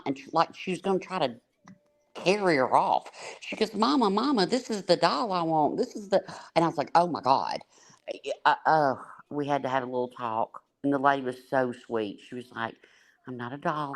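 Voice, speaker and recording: A woman, hosting a livestream panel and telling blunt, laughing stories. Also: very deep voice. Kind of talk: casual storytelling on a panel.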